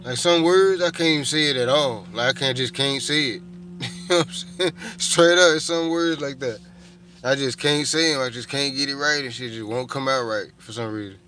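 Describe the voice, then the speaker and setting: A middle-aged livestream host with a mid-range voice, bright and pushed, talks at normal speed. He chats casually and profanely with viewers, rambling from one thought to the next.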